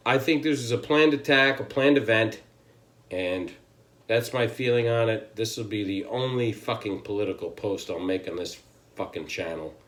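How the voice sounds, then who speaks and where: A man's voice: lowish voice, normal speed, a bit bright. An American man ranting to camera on his channel, angry, emphatic and swearing constantly. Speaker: channel host. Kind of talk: political rant to camera.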